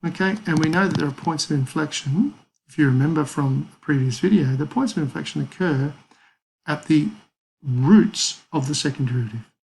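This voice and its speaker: A man's voice: fairly high pitch, normal speed, vocal fry, a little mellow, slight background noise, low-quality recording. A man teaching a maths lesson, talking casually through calculator steps and thinking aloud. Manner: casual, thinks aloud with fillers and small apologies.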